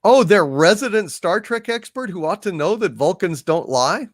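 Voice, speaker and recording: A man's voice: high-pitched, expressive, moderate pace, no echo, clean studio sound. A man co-hosting a live pop culture show, ranting emphatically and restarting his sentences. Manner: indignant, emphatic, restarts often. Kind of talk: casual live-stream commentary.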